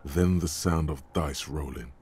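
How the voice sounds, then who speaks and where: A man voicing the grim male narrator of a detective game, slow, ominous and vivid. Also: steady tone, a little mellow. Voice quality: deep and gravelly. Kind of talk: dramatic scripted narration.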